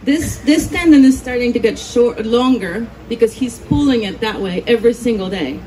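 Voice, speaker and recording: A woman's voice: on the high side, moderate pace, dark tone, slight background noise, rough recording. A woman giving a live talk to a conference audience, explaining and demonstrating posture on a volunteer. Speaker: speaker at a conference.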